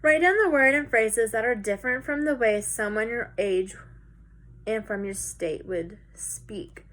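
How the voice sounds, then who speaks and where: A woman's voice: a little high, unhurried, fairly bright tone. Casual woman teacher explaining a lesson. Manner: casual, conversational, with fillers. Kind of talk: recorded lesson walkthrough.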